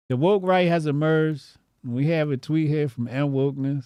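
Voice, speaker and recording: A man's voice: a little high, moderate pace, few pauses, warm tone, clean tone, dry recording, clean studio sound. A male comedian hosting a loose, profane commentary show, laughing and riffing in slang as he reacts to posts online. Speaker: comedian host.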